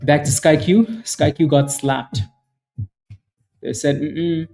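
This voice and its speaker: A man's voice: on the high side, steady tone, slow, vocal fry, mellow, faint music behind. A man hosting a day-trading livestream, chatting casually and repetitively with viewers in chat and hyping up trades. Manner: repetitive, hyped, chatty, addresses viewers by name. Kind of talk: casual live market commentary to chat.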